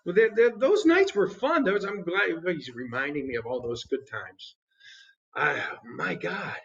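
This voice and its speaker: A man, a guest musician, telling stories in casual chat, animated and laughing often, with many restarts. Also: a little high, moderate pace, dull audio. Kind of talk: casual storytelling. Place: podcast studio.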